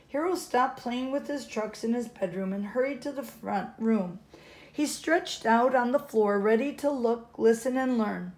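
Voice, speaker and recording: A woman's voice: on the high side, a little slow, a little mellow. Woman reading a children's storybook aloud. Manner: casual, corrects herself aloud.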